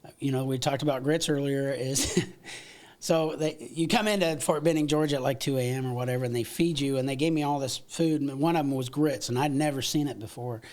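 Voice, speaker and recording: A middle-aged American man telling stories from his past in a casual interview, animated and full of restarts and laughs. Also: mid-range voice, brisk. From United States. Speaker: podcast guest.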